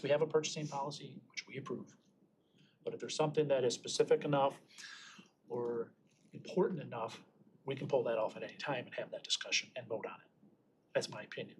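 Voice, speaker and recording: A man commissioner speaks in an assertive, opinionated way during committee debate. His pitch is mid-range for a man. A little background noise sits behind him in the meeting room. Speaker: county commissioner.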